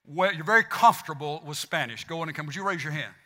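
A man with a Southern US accent preaching a sermon as pastor, animated and fired up, stumbling over restarts as he goes. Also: fairly high pitch, quick pace. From South Mississippi. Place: church sanctuary. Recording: long hall reverb.

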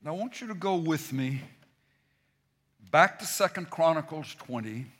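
A man's voice: a little high, lively intonation, normal speed, fairly bright tone, husky. A male pastor preaching a sermon, with repeated phrases, call-and-response with the congregation, and frequent restarts.

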